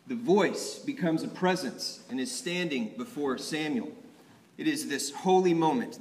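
A man's voice: a little high, a little hiss or hum. A young man preaching a sermon, telling the story in a vivid, conversational way. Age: young adult. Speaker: preacher at an ordination. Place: church sanctuary. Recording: long church reverb.

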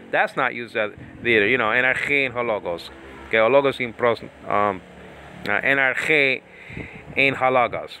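Rambling man with a bright voice. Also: medium pitch, a little hiss or hum. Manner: rambling, self-interrupting, laughs often. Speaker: Bible Greek teacher. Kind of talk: casual teaching talk with tangents.

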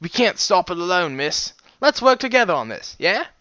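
Eager young pony chef guy, bright and pushy, a man doing the voice, dull dry sound. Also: normal speed, no echo, heavily acted. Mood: friendly. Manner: eager, raised pitch, lively delivery. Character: friendly young male pony chef, earnest.

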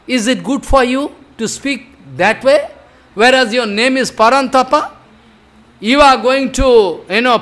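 A man's voice: extremely high pitch, fairly bright tone. An older man giving a devotional discourse, chanting verses and explaining them with repeated emphatic phrases. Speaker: spiritual teacher.

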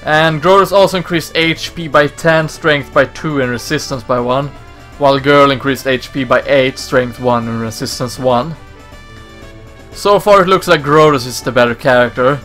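A man hosting a let's play, giving relaxed, casual commentary with mumbled asides. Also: medium pitch, moderate pace, soft background music.

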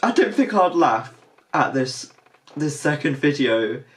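A woman talking to her audience in a casual reaction video. She laughs helplessly and swears freely, and her pitch swings widely while her pace stays unhurried. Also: big pitch swings.

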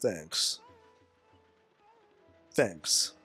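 A man's voice: very slow, bright, forceful tone, faint music behind. A man playing a video game while trading dry, sarcastic jokes with a friend and laughing often. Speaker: player and co-host. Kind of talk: casual gaming banter.

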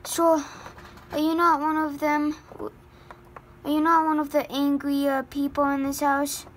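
A woman improvising voices for a homemade movie, halting and stammering with many fillers and sighs. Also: high-pitched, completely flat delivery, slight background noise. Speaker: voice actor for a homemade life-sim movie. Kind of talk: improvised amateur voice acting.

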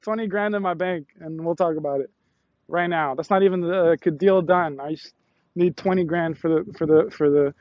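A man's voice: on the high side, normal speed, no room sound, lo-fi sound. A young man livestreaming outdoors on a selfie stick, hyped and laughing, sweaty and out of breath as he walks. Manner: hyped, laughing, talks to passersby. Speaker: streamer. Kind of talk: walking livestream chat. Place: outdoors, on a campus. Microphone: phone on a selfie stick.

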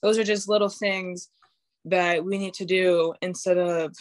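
A teenage girl, a high school basketball player, answering interview questions candidly and laughing as she acts out her thoughts on the court. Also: fairly even intonation, measured pace, no echo. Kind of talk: casual interview.

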